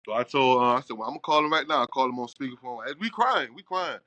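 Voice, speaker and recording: Barber guy, middle-aged, telling his story all animated, bright punchy voice, dry close sound. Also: mid-range voice, fast talker, dry recording, dull audio. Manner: animated storyteller, acts out quoted dialogue. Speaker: barbershop owner. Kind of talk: casual storytelling interview.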